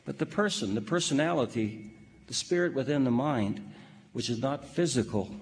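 A man preaching a sermon in a measured, emphatic way, posing rhetorical questions and reading scripture. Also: medium pitch, long reverb tail.

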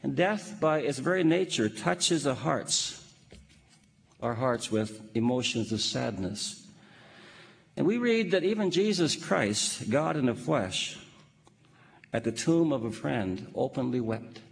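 A man preaching a sermon in a measured, emphatic way, posing rhetorical questions and reading scripture. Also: mid-range voice, animated, vocal fry, in a large hall.

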